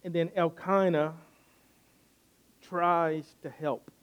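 A man's voice: on the high side, steady tone, slow pace, clean tone, highs cut off. A man preaching a sermon, earnest and building his points by repeating phrases. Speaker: pastor.

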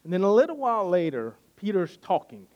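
A man's voice: high voice, wildly swooping pitch, a little fast, lo-fi sound. A man preaching a sermon, retelling a scripture story in a conversational way and often restarting with repeated words.

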